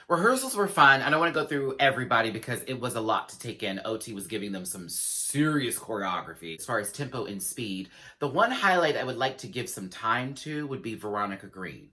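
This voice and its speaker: A man giving a casual, sassy review of a show, acting out quotes in dramatic voices and laughing often. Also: a little fast. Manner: sassy, animated, acts out quotes with big pitch jumps.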